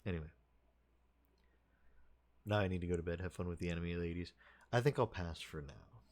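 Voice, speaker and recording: A man's voice: sits low, brisk, a little mellow. A man streaming and chatting casually with his viewers, rambling and restarting his sentences with little chuckles.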